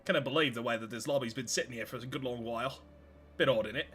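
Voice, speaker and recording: Man doing a fake Australian accent, playful drawl, bright tone. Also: a little high, fast talker, pitched above the performer's own voice. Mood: joking.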